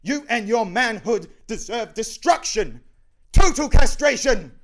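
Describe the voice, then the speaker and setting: A man's voice: extremely high pitch, expressive, a little slow, voice pushed up. A man shrieking as a furious female constable. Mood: furious shouting. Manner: shrieking, shouting commands.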